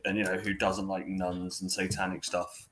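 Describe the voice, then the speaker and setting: A man's voice: deep voice, completely flat delivery, moderate pace, fairly bright tone. A laid-back man chatting on a podcast with sweary, dry humour. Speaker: podcast co-host. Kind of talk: casual podcast chat.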